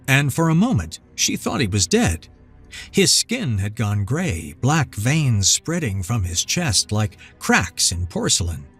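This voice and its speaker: A man narrating a scripted fantasy story in a measured, dramatic manner. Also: medium pitch, breathy edge. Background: soft background music.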